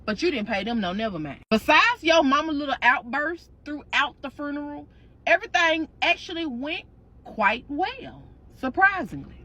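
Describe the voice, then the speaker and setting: A woman with a high, bright voice tells a dramatic second-person storytime. Her pitch leaps all over the place. She is sassy, slangy and swears freely. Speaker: storytime creator.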